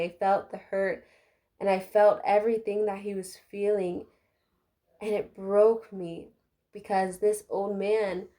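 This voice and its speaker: A woman's voice: medium pitch, dark tone. Chatty young woman vlogger. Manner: chatty and heartfelt, with many fillers like "like". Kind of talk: casual life update while doing her hair.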